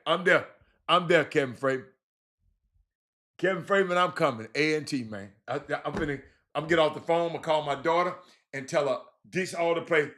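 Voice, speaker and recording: A middle-aged man hosting a casual sports talk show, animated and repetitive, shouting out listeners by name. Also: fairly high pitch.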